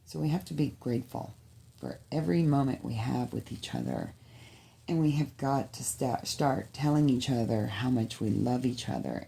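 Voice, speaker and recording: A woman speaking to her viewers in a heartfelt personal vlog, her voice gravelly with heavy fry. Her tone is dark and mellow. She pleads and repeats her appeals, emotional and close to tears. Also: rumbling low. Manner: heartfelt, pleading, repetitive exhortations. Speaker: vlogger.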